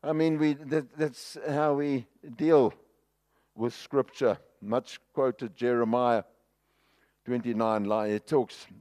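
A man preaching a sermon with impassioned, dramatic swings between loud outbursts and hushed passages, with a South African accent. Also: medium pitch, fairly even intonation, slow.

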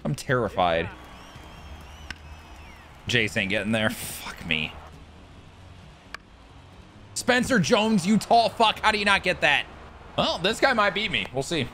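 Man, gameplay commentary, swings all over in pitch, crisp bright tone, excitable, swears. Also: slow, pauses often, slight background noise. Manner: excitable, swears, yells at big plays. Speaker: gaming YouTuber.

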